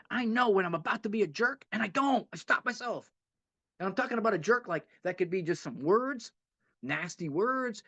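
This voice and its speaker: A man's voice: high voice, a bit bright. Earnest man sharing his recovery story. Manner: earnest, repeats himself, laughs a little. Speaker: recovery meeting speaker. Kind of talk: personal recovery talk.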